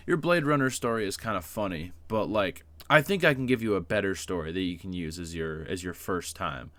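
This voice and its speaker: A man doing a soft hesitant teenage girl. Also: sits low, lively intonation, a little fast, dry recording. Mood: teasing. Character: giggly shy teenage girl.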